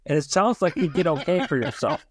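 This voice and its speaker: Lively higher-voiced male podcast host. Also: a little fast, slight background noise. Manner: brief reactions and laughs. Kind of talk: casual interview.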